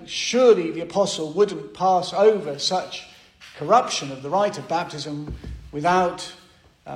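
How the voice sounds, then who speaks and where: Guy preaching real slow and careful, bit high voice, echoey church. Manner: slow, measured, thoughtful explanation with pauses. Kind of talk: expository sermon.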